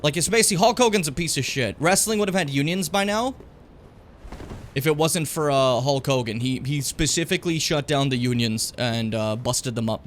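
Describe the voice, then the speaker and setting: A man's voice: mid-range voice, a little fast, slight background noise. A young man from Edmonton, Canada, rambling and joking as he plays a video game, swearing often. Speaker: streamer. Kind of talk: casual gameplay commentary.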